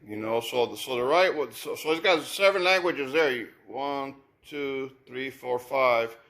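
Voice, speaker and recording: A man's voice: medium pitch, measured pace, a bit bright. A man casually reviewing sneakers, thinking aloud with many repeated words and restarts. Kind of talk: casual unboxing commentary.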